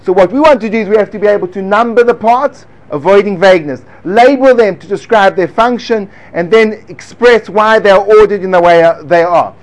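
A man with a fairly high voice gives an earnest, hands-on lecture on teaching Talmud to a small group. He talks as if demonstrating each point, and now and then drifts into a sing-song study chant. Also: fairly quick, hardly any pauses.

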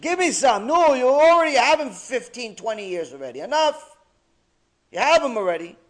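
A man voicing Gehinnom itself, shouting and insistent as it demands souls. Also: high-pitched, huge pitch swings, moderate pace, husky, exaggerated voice. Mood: demanding.

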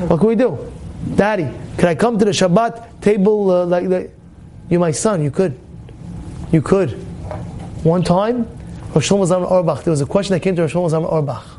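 A man's voice: very high-pitched, a little mellow, slight background noise. A man teaching a Torah class, impassioned and repetitive, acting out the voices in his stories. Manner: impassioned, repetitive, acts out dialogue. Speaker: rabbi giving a Torah class.

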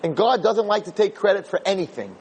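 A male rabbi preaching a sermon, telling miracle stories with animated energy, often restarting and speaking directly to his audience. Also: fairly quick, slightly rough. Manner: animated, climbing to excited high pitch in stories; frequent restarts and asides to the audience. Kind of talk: storytelling sermon.

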